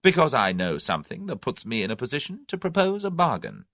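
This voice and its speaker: A man's voice: medium pitch, huge pitch swings, fairly quick, creaky, fairly bright tone, dry recording, studio quality, pitched above the performer's own voice, exaggerated voice. A man voicing a confident young Englishman who bluffs his captors with breezy scorn, in an audiobook.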